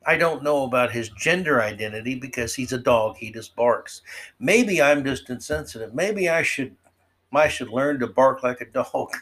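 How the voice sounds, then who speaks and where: A man delivers an opinion podcast monologue in an ordinary mid-range voice. He drips sarcasm and mockery throughout. His pacing lurches from slow, drawn-out words into quick throwaway asides. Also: mid-range voice, expressive, a bit bright. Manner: sarcastic, mocking; swings between slow drawl and quick asides. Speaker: podcast host.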